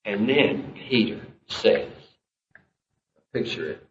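A man's voice: fairly low pitch, expressive, takes it slowly, recorded from a distance, slight background noise. A man preaching a sermon as pastor, emphatic and climbing to impassioned peaks. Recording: roomy, dull live sermon recording.

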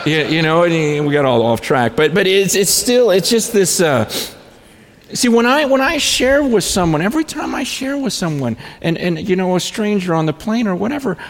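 A man's voice: a little high, animated, normal speed, gravelly. Stammering man preaching in a reverberant hall. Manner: storytelling with repeated restarts and stammered words. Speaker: pastor. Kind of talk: sermon.

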